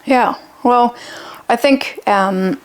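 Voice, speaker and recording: A woman's voice: on the high side, extremely slow. A woman with a Zimbabwean accent, a podcast guest speaking candidly and reflectively in casual chat.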